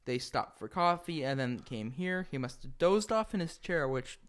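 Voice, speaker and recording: Man, podcast co-host, slightly raised voice, lively swinging pitch, chatty, laughs often. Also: moderate pace. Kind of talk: casual chat recapping an episode.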